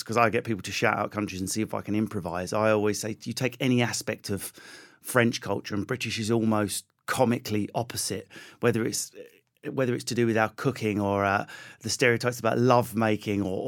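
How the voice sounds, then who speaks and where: Riffing Essex comedian. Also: male voice, lowish voice, fairly quick. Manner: animated, riffing storyteller. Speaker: comedian guest. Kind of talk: casual chat.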